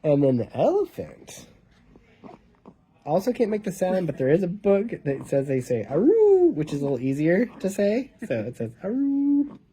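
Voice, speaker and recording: A man's voice: a little high, sing-song, normal speed, mellow. A man reading a picture book aloud to his baby in a casual home video, joking about what noises the animals make.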